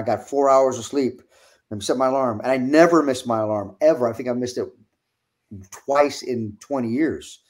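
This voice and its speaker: A man's voice: mid-range voice, a little mellow. A middle-aged man telling a road story in casual talk, laughing and swearing freely. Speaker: wrestling guest.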